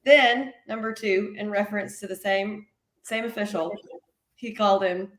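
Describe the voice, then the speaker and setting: A woman co-hosting a casual sports podcast, telling stories in an animated way. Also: mid-range voice, moderate pace, roomy sound. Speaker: podcast co-host.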